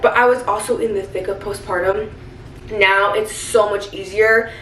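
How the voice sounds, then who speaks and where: A woman's voice: medium pitch, steady tone, moderate pace, fairly bright tone, recorded from a distance. A young woman rambles candidly to her camera at home, scattering fillers as she goes. She sits back from the mic, so her voice bounces around an echoey kitchen. A faint hiss sits under the recording. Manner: rambling, candid, heavy use of "like". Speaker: stay-at-home mom vlogger. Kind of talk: casual confessional vlog.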